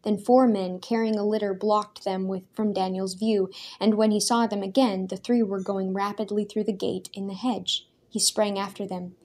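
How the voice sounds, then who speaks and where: A woman narrating a storybook aloud in a steady, expressive way. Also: mid-range voice, moderate pace, few pauses. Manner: steady and expressive, with vivid character voices.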